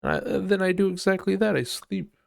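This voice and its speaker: A man's voice: high voice, steady tone, fairly quick, gravelly. A man live-streaming while he sculpts, chatting casually and joking in a profane, mock-aggressive way.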